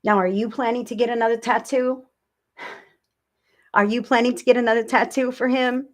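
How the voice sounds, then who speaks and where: A woman hosting a live psychic reading stream, talking to viewers in a warm, soothing, reassuring way and often repeating herself. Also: on the high side, fairly even intonation, moderate pace. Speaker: psychic medium livestream host.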